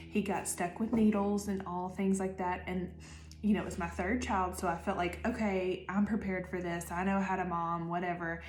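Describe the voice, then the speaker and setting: A woman's voice: fairly low pitch, darkish tone, echoey room, slight background noise. A woman in her thirties hosting a podcast, giving casual, chatty advice with lots of fillers and "okay?" checks. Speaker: podcast host.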